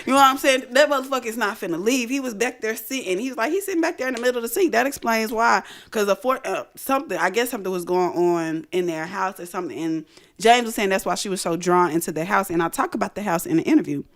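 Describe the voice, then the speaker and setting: Casting: woman radio host, mid-pitched, animated and profane storyteller who laughs as she talks. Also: fast. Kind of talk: casual storytelling chat.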